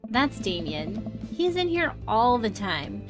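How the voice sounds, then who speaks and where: A bored young cashier in a dating game rolls her eyes through every word, as a woman reads her out. The voice sits fairly high with a flat, dismissive edge. Soft game music plays faintly underneath. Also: slow.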